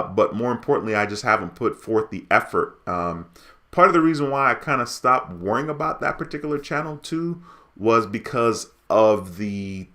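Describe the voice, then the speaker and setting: A man's voice: fairly low pitch, pushed and bright. A man hosting a casual livestream, reading viewer comments aloud in an upbeat way. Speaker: livestream host.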